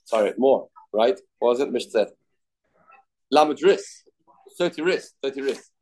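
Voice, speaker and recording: A man's voice: expressive, a little slow, darkish tone, poor audio. A man teaching a Talmud class, mixing English explanation with quoted Aramaic and Hebrew text and acting out the quoted voices. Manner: acts out quoted voices with sudden pitch jumps.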